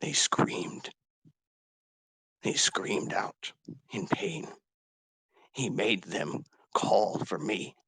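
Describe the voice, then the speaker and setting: A man's voice: fairly low pitch, big pitch swings, a bit bright, slightly rough, no echo, heavily acted. A man voicing a grieving dragonborn warrior. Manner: raw, halting confession with whispered breaks. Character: grief-stricken male dragonborn warrior with talons. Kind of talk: tabletop role-play character speech.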